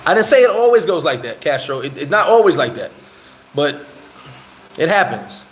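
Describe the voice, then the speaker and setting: A man's voice: fairly high pitch, moderate pace, roomy sound, a little hiss or hum, rough recording. A man, telling a heated story on a casual live stream and answering chat. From New York. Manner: animated, heated storyteller, acts out quotes. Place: bar in the Dominican Republic.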